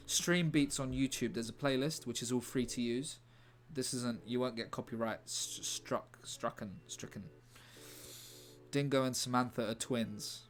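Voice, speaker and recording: A man chats casually on a live stream while writing a script, rambling, joking and reading the chat aloud. His voice is medium-pitched with a fairly bright tone, and faint music plays in the background.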